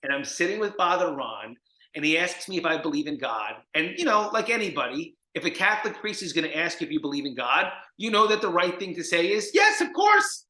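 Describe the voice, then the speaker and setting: Lively storytelling man, echoey room. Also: a little high, fairly quick. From New Jersey. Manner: animated, acts out the people in his stories. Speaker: guest, recovery mentor. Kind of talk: storytelling in an interview.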